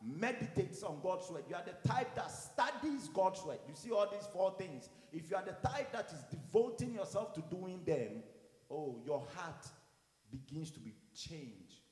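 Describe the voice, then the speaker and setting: Animated preacher man in an echoey hall. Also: sits high, normal speed. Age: adult with children. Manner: animated, swings from quiet to loud, acts out quotes. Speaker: pastor. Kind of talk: sermon.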